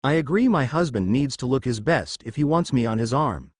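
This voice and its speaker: Give me a playful, affectionate witch from a storybook, read by a man, with a lively, bouncing delivery. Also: medium pitch, a little fast, breathy edge, dry recording, clean studio sound. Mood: teasing. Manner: teasing, affectionate. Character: adult witch Bella, playful and loving.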